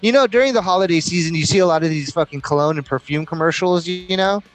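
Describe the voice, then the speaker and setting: A man's voice: on the high side, quick pace. A man co-hosting a casual podcast, telling stories in a profane, rambling way and throwing in mock voices. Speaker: podcast co-host.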